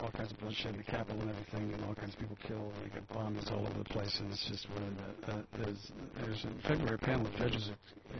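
A gravelly, somewhat low-voiced man talks his way through the news in a loose, rambling way, reading items aloud and drifting into personal asides. The recording is dull and lo-fi, with a loud hiss running underneath. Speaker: talk show host. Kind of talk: casual news commentary.

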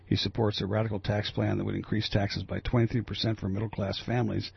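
Gravelly, husky male radio host. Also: fairly low pitch, flat delivery, fast talker, no room sound. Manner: rambling, with many fillers and restarts. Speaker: radio talk show host. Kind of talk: casual radio talk. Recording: dry, lo-fi radio audio.

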